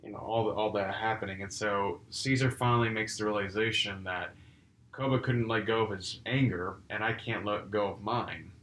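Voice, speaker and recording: A man co-hosting a casual film discussion podcast, retelling scenes with animated energy. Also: fairly low pitch, moderate pace. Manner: animated storyteller, acts out scenes. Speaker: podcast co-host. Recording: roomy with faint background noise.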